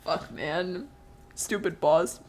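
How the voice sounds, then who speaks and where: A young adult woman streamer chatting casually while she draws, telling animated stories, laughing often and swearing freely. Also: on the low side, slow pace. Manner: animated storytelling with voiced quotes.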